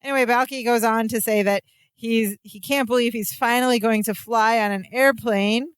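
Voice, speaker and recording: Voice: mid-range voice, steady tone, moderate pace, fairly bright tone, smooth, no room sound. A podcast co-host narrating episode plots steadily in casual chat, adding dry asides.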